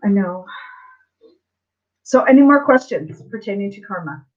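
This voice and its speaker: A woman tarot reader hosts a live stream, chatting casually with viewers about life lessons in a medium-pitched, animated voice. She speaks a little slowly, repeats herself, and often asks "right?" The audio is dull.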